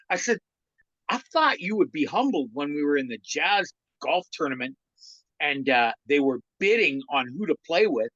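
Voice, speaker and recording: A man's voice: on the high side, normal speed, dry recording. An older man with a slightly raised voice tells a backstage story, slipping into the voices of the people he quotes. The sound is dry and a little muffled. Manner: lively yarn-spinner who acts out other people's quoted lines. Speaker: guest, former hockey trainer and stand-up comedian. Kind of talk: anecdotal storytelling in a podcast interview.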